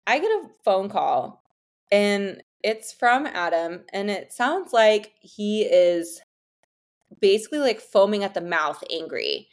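A woman guest telling a personal story in a casual, animated, chatty way. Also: mid-range voice, slow pace. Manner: animated, chatty, heavy use of "like" and "you know".

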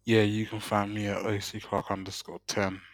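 A man's voice: fairly low pitch, level tone, moderate pace, no room sound. A man, a podcast co-host talking casually, often laughing and restarting his sentences. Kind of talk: casual chat.

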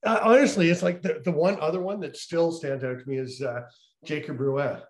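A man, a lacrosse broadcaster co-hosting a casual chat, telling lively anecdotes and laughing along. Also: a little high, a little fast. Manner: animated, laughs through his stories.

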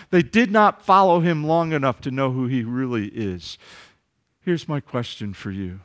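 A man's voice: mid-range voice, moderate pace, a bit bright. A man preaching a sermon as pastor, earnest and emphatic, asking his listeners rhetorical questions and repeating words as he speaks off the cuff.

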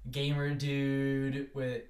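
A man's voice: medium pitch, monotone, drawn-out words, darkish tone. A young man, a theater actor, telling stories in casual chat, rambling with many fillers and laughing often. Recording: roomy sound from a distant mic.

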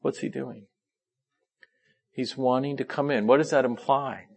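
A man preaching a sermon who drops into low, quiet asides and then rises into pleading, emphatic lines, sometimes restarting and apologizing for rushing. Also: steady tone, gravelly, breathy edge.

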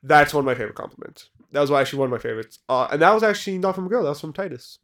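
A man's voice: on the high side, animated, very fast, fairly bright tone, dry recording, studio quality. A young man co-hosting a podcast, telling rambling stories in casual chat and swearing often. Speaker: podcast co-host.

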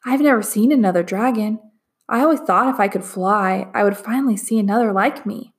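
A woman's voice: mid-range voice, a little fast, natural voice. A woman voicing an eager, wistful young male dragon in a storybook. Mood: earnest. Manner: earnest, wondering storytelling.

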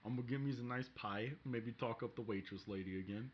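A man's voice: medium pitch, fast talker, a little hiss or hum, voice pushed down, lightly acted. A man voicing a brash male internet-provider guy from the Bronx, swaggering and saying "bro" constantly, in a Bronx accent. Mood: boastful. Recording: dull lo-fi podcast audio.

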